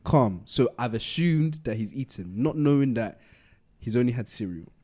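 A man's voice: medium pitch, moderate pace, slightly rough. A young man, telling a long story casually on a podcast, acting out quotes and using street slang. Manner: animated, acts out quotes, London street slang. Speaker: podcast co-host.

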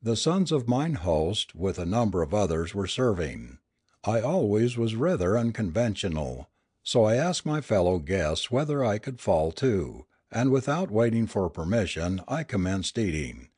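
Low husky male storyteller. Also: no echo, studio quality. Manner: measured storytelling with expressive swings. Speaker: audiobook reader. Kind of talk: reading a ghost story aloud.

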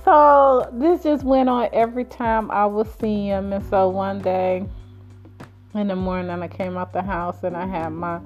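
A woman casually telling a personal story in her own series, chatty and colloquial, breaking into high giggles. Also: fairly even intonation, moderate pace, muffled recording, soft background music. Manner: laughs often, with high giggles while telling stories; chatty and colloquial, with many fillers.

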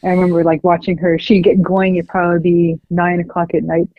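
A woman's voice: on the low side, fairly quick. Woman guest remembering old times, easygoing, muffled lo-fi sound. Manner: relaxed reminiscing, laughs often. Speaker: podcast guest. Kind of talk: casual storytelling chat. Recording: dull lo-fi sound.

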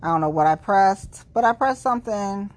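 A woman hosting a podcast, venting in a heated, emphatic way after a few drinks, rushing some words and drawing others out. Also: medium pitch, animated. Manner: heated, emphatic, quick bursts between slow drawn-out words. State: tipsy after several drinks. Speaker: podcast host. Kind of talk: casual venting monologue.

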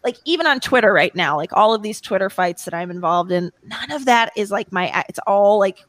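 A woman chatting as a podcast guest, talking in rambling bursts with many restarts and quick laughs. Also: medium pitch, animated, dry recording. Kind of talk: casual podcast chat.

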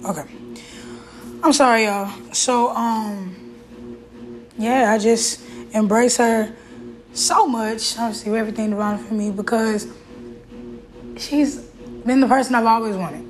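A woman's voice: a little high, unhurried, long pauses, faint music behind, low-quality recording. Candid, emotional woman host, casual talk. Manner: candid and emotional, with fillers and restarts. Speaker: podcast host.

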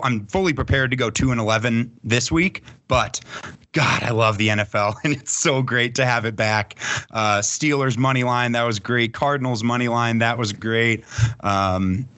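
Excitable man chatting about football bets. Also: on the low side, normal speed. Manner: excitable, swears, laughs often. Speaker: podcast co-host. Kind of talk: casual sports betting chat.

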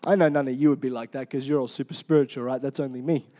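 A man preaching a sermon in an energetic, humorous way, often asking the congregation "Amen?". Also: mid-range voice, fast talker.

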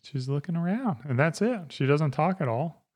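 A man's voice: a little high, animated, moderate pace, a little mellow, slightly rough. A man in his thirties hosting a casual podcast, rambling with lots of fillers and easy laughs. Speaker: podcast host.

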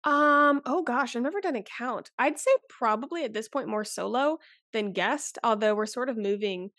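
A woman's voice: on the high side, normal speed, fairly bright tone, no room sound, clean studio sound. Candid chatty woman in her twenties. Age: 20s. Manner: candid, rambling, talks with many likes and restarts. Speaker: podcast guest. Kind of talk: casual interview chat.

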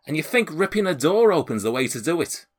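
A man voicing an angry, grieving man who shouts at intruders in his home. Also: lowish voice, big pitch swings, slow pace. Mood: hostile. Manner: shouting, aggressive.

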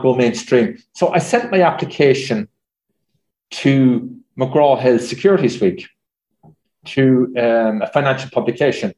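A man's voice: mid-range voice, darkish tone. A man with an Irish accent, a journalist answering audience questions in a chatty, anecdotal way with many fillers. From Ireland. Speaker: journalist and speaker. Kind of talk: audience Q&A at a talk. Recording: roomy echo.

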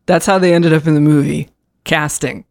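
A man co-hosting a podcast, chatting casually. His voice sits slightly high. He answers in a dry, matter-of-fact tone. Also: fairly even intonation, normal speed, gravelly, darkish tone. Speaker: podcast co-host. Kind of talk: casual chat.

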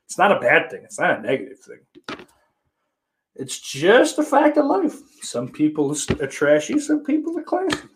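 A man hosting a casual livestream podcast, reading viewer comments aloud and cursing a lot, sarcastic, his voice swinging between loud and quiet. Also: on the high side, wildly swooping pitch, moderate pace, a little hiss or hum. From Irish heritage. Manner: profane, sarcastic, with big swings in loudness.

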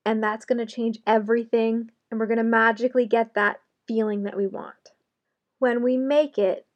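A young woman talks straight to her listeners in a relaxed motivational monologue. Her voice sits a little high. She drops in sarcastic asides and small laughs as she goes. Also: normal speed, highs cut off. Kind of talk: motivational solo talk.

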